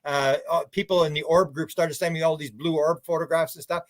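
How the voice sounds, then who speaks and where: Chatty man with a higher voice, rambling stories. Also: fairly even intonation, fairly quick. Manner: rambling, anecdotal, many restarts. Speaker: UFO researcher guest. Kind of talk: casual radio interview chat.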